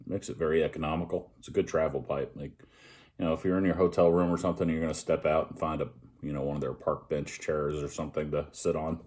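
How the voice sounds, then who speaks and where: A man giving a relaxed, rambling video review of a pipe, with plenty of fillers. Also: very deep voice, quick pace.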